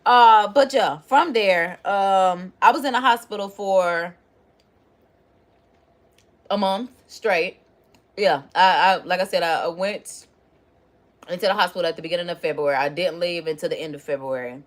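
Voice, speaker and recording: A woman's voice: fairly low pitch, normal speed, long pauses. A young woman vlogger telling a personal story casually and expressively, talking straight to her viewers. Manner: expressive, chatty, addresses viewers directly. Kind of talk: casual storytime to a live chat.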